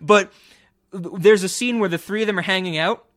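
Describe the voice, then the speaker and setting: A young man hosting a casual podcast, giving a blunt, profane, animated review of a film. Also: sits high, normal speed, no echo, clean studio sound. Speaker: podcast host. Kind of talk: casual chat.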